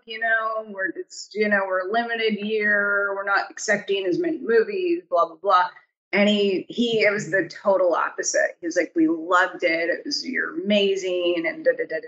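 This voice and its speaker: Female filmmaker guest, mid-pitch, chatty storyteller who acts out the people she quotes. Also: moderate pace, a bit bright, highs cut off. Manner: chatty, acts out quoted voices, frequent fillers. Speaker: writer and director, guest. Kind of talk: casual interview storytelling.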